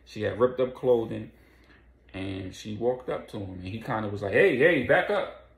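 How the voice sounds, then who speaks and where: A man casually recapping a crime storyline in loose street slang, now and then voicing quoted lines in quick bursts. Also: on the low side, fairly even intonation, vocal fry, darkish tone, echoey room.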